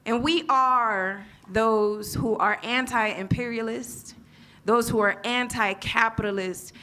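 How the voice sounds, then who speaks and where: A woman's voice: a little high, fairly even intonation, takes it slowly, bright, forceful tone. A woman from the United States, an invited panel speaker and organizer, giving an impassioned political speech and leading the crowd in call and response. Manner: fiery, leads chanted call and response.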